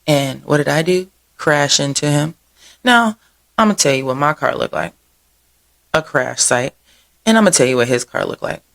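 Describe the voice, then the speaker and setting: A woman with a low, gravelly, fry-edged voice hosts a local events show, sounding animated and a bit bright at a moderate pace with frequent pauses. She rambles through the happenings chattily, strays into side stories, laughs easily and keeps saying "y'all."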